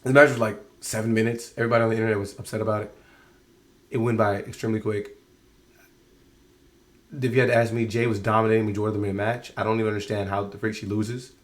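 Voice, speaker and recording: A man's voice: lowish voice, level tone, fast, pauses often. Exasperated man ranting in a review. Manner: exasperated, rambling with frequent restarts. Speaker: wrestling show reviewer. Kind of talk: casual spoken review.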